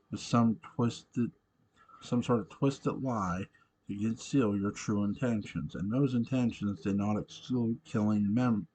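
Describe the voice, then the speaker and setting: A man voicing a distrustful, guilt-ridden woman, accusing in a slow, halting way. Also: on the low side, warm tone, slightly rough, rough recording.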